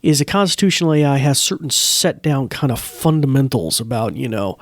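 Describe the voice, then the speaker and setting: A man's voice: mid-range voice, expressive, brisk. A man hosting a podcast, talking casually and rambling with many fillers. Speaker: podcast host. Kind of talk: casual chat.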